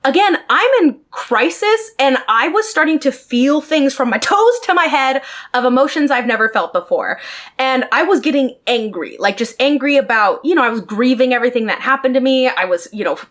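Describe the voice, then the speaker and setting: A woman with a high, bright voice tells a personal story straight to her viewers. She sounds animated and exasperated, and she laughs often. Her tone stays casual and heated throughout. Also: normal speed. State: emotionally worked up. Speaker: storytime vlogger.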